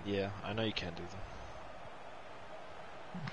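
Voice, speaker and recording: A young man in casual gaming chat, boasting and trash-talking his friend in a deadpan way. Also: on the low side, takes it slowly, noisy background. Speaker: gamer playing with a friend.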